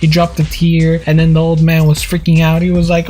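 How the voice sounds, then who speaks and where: A man's voice: on the high side, monotone, fairly quick, dark tone, faint music behind. Rambling man narrating his gameplay. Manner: rambling, joking storyteller. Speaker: gaming video host. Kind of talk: casual gameplay commentary.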